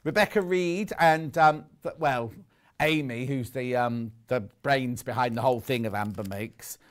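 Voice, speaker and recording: Male shopping-channel presenter, rambling friendly sales patter, mid pitch. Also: measured pace. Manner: chatty, rambling, teasing. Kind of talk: live TV sales chat.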